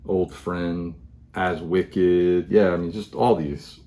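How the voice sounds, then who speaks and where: A middle-aged man with a very low voice talks casually at home about the albums in front of him. He rambles, restarts his sentences and fills the gaps with ums and you-knows. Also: fairly even intonation, takes it slowly, dark tone. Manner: rambling, many fillers and restarts. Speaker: record collector vlogger. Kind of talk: casual show-and-tell monologue.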